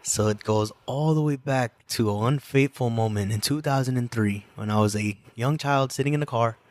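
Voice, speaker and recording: A man in his twenties from New Jersey, United States, appears as a guest musician on a casual podcast and tells his story. His medium-pitched, darkish voice moves at a moderate pace, and his talk is slangy, rambling and full of filler phrases.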